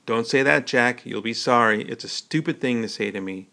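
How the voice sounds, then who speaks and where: A man's voice: medium pitch, normal speed, gravelly, sharp tone. A man voicing a bold, teasing young frontier army wife who talks in a blunt, folksy way, in an audiobook. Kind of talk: audiobook character voice.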